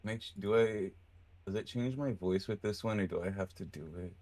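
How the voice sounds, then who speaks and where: Low-voiced man playing a tabletop game. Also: warm tone, no echo. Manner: halting, stammering in character. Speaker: player. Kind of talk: tabletop role-play.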